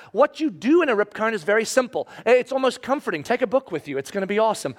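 High-voiced man telling a story. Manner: animated, acts out voices, swings from loud excitement to hushed. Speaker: speaker telling a personal story. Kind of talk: storytelling talk to an audience.

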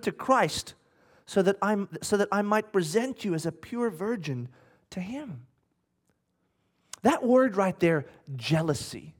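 Animated man preaching a sermon. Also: high-pitched. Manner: animated, acts out quotes, laughs. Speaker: pastor.

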